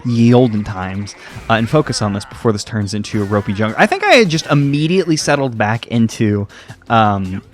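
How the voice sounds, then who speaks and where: A man's voice: on the low side, animated, brisk. Young american guy rambling over a game, lots of "like" and "you know", voice jumps all over, bit of game music under it. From United States. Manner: rambling, tangent-prone, heavy on fillers. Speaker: let's play host. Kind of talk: casual gameplay commentary.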